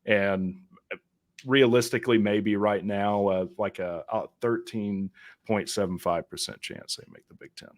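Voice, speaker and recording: Man, Southern American accent, podcast guest, low-pitched, wry, joking. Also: steady tone, measured pace. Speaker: guest YouTuber. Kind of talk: casual interview chat.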